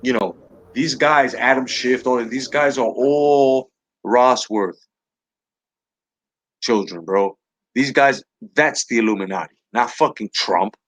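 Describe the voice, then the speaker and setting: A man's voice: medium pitch, slow, pauses often, fairly bright tone. A man hosting a live talk stream, ranting heatedly and profanely, with many restarts and repeated words. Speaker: livestream talk show host. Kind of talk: heated political rant to a live chat.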